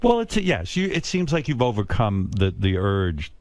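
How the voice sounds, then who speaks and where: Blunt, lively-voiced older male radio host. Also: lowish voice, moderate pace, a crowd in the background. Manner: blunt, teasing, stammering restarts. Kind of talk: casual interview chat.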